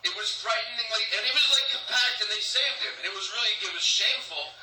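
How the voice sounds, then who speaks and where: A male comedian works a live room, with a voice that sits high and rings bright and edgy. He rambles from one bit to the next and drops into short put-on voices. The mic sounds distant, with a lot of echo around him. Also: fast, slight background noise. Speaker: stand-up comedian. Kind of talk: live stand-up set. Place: comedy club stage.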